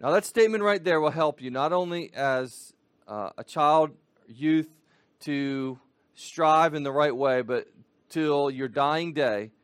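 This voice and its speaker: A man with a slightly higher voice leads a catechism lesson, patient and explanatory, easing his pace whenever he speaks to the children. The sound is dry and close, with no room around it. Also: takes it slowly, clear, resonant tone, no room sound. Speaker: catechism teacher.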